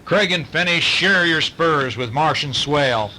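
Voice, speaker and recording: A man putting on a stern, scolding swamp monster uncle from a picture storybook. His voice is a touch higher than a plain speaking voice. It also has a bright, forceful edge. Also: lively intonation, a little slow, a little hiss or hum, exaggerated voice, low-quality recording. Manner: scolding, shouting at the children.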